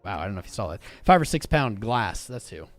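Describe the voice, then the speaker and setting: A young man hosting a casual livestream, chatting with viewers in an excitable, informal way. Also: on the low side, quick pace, soft background music. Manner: animated, swearing, informal and excitable. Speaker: crypto livestream host. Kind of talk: casual livestream chat reading viewer comments.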